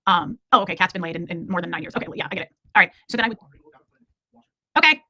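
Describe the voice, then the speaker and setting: Brief: woman, 40s, livestream host; very quick, bright, candid and rambling chat, dry close mic. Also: on the low side, dry recording. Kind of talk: casual livestream chat reading comments.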